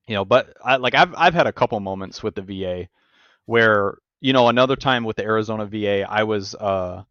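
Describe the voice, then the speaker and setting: A man hosting a podcast, telling stories in casual, profane, animated chat. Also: on the low side, no echo, lo-fi sound. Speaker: podcast host.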